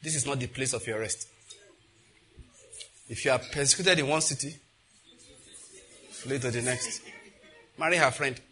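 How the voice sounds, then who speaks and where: Bold pastor leading declarations. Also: male voice, medium pitch, fairly quick, long pauses, background noise. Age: adult, married. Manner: bold, humorous, leads the crowd in repeated declarations. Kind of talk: sermon with call-and-response declarations.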